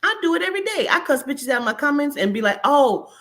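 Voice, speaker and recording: A woman's voice: high-pitched, sing-song, rapid-fire, fairly bright tone. A woman, delivering brash, profane, mocking reaction commentary as a host. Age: 40s.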